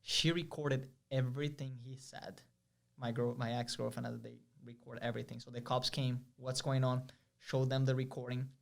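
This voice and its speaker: A young man from Brazil, telling a story as an interview guest in a lively, vivid way with many fillers. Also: medium pitch, normal speed, vocal fry. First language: Portuguese. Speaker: guest, pro soccer player.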